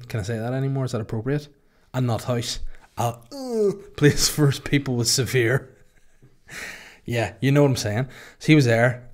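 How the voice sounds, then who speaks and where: A Northern Irish man in his thirties, hosting a podcast in a casual, jokey, sweary storytelling chat. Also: mid-range voice. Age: 30s. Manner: rambling, sweary, jokey asides to his co-host. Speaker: podcast host.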